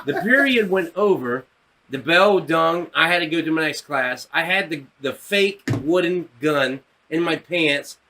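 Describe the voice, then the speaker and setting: A man's voice: fairly high pitch, a little slow, slight background noise. A man in his thirties, a podcast co-host telling a story in casual talk, acting out the voices of the people in it and laughing as he goes. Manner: animated, acts out quoted voices, laughs through his story.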